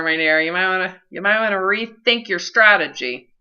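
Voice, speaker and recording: A woman's voice: lowish voice, normal speed, bright, forceful tone, smooth, muffled recording. A woman working as a health coach, talking directly and bluntly to a client in a one-on-one session over a video call.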